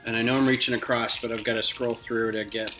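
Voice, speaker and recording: A man's voice: mid-range voice, level tone, fast. Casual male streamer, chatty and joking, music in the background. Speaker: livestream host building brick models. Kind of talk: casual chat while building. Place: home, indoors.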